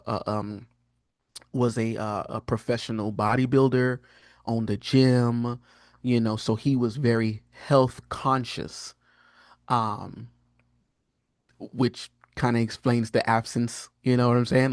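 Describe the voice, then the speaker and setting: A man in his thirties, a guest on a podcast, telling a personal story in a casual, earnest way. He often restarts and fills his speech, and his voice jumps much higher when he quotes himself. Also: slow, dry recording, studio quality. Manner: animated, rises sharply in pitch when quoting himself; frequent fillers and restarts, earnest and candid. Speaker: podcast guest, prophetic teacher.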